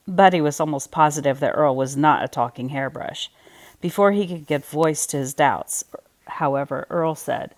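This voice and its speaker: A woman reads a children's picture book aloud at an even, measured pace. Her voice sits low and steady. She keeps the narration plain between the characters' lines. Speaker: storybook reader.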